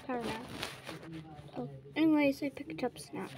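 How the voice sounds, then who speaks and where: High-voiced woman, excitable family role-play. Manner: quick back-and-forth of excited exclamations and squabbling. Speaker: fan video creator voicing a family role-play. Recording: noisy home recording.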